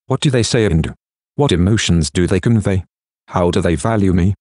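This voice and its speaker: A man hosting a podcast, reading scripted narration and reflective questions in a measured way. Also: low voice, a little mellow, no echo, clean studio sound.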